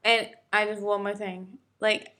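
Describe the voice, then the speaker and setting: A woman's voice: mid-range voice, level tone, a little slow, bright, forceful tone. A young woman co-hosting a podcast, chatting casually with a blunt, teasing manner. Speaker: podcast co-host. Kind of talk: casual chat.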